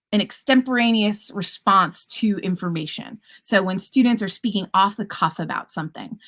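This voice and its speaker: A woman teacher giving an upbeat, chatty conference presentation about classroom practice, with playful puns. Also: medium pitch.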